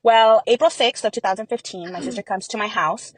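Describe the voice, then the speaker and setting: A woman's voice: on the high side, fairly quick, husky, no room sound, low-quality recording. Woman telling a family story, dry sound. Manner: earnest storytelling with many fillers and quoted dialogue. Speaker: interview guest. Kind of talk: personal testimony in an interview.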